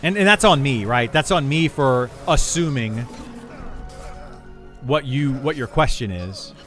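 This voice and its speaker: A man talks casually to his stream chat, circling back and repeating words as he works through a point. His pitch sits in an ordinary middle range for a man. Faint music plays quietly behind him. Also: animated, measured pace. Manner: rambling, repeats words and restarts while explaining.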